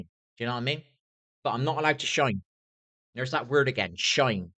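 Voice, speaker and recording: A man's voice: mid-range voice, a bit bright. Swearing man ranting on stream. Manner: swearing, repeats "do you know what I mean". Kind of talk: angry livestream rant.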